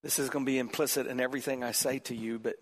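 A man preaching a sermon in a church auditorium, animated, swinging between loud emphasis and quiet passages. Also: medium pitch, rapid-fire, husky. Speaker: pastor. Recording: long reverb from a large hall.

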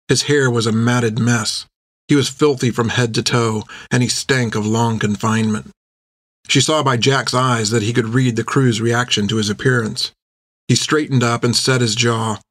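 A man reading a story aloud in steady, even narration on a close microphone. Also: medium pitch, no echo. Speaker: audiobook narrator.

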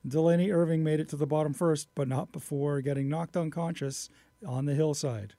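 A man co-hosting a radio show, reading short offbeat news items in a brisk newsreader manner. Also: fairly high pitch, fairly even intonation, warm tone, no echo.

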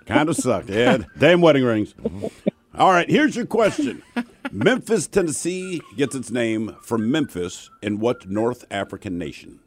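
Jokey radio host man, lively voice. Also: mid-range voice, measured pace. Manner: jokey, teasing. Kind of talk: comedy radio quiz hosting.

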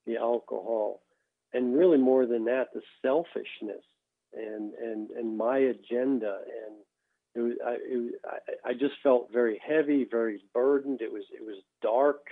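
A man, a former baseball pitcher, telling his faith testimony as a guest, halting and repeating words as he goes. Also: fairly even intonation, creaky. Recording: tinny phone line.

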